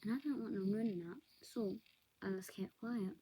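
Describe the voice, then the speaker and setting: A woman vlogger talking to camera in a soft, often whispered, hesitant confessional monologue. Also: medium pitch, normal speed, husky, low-quality recording.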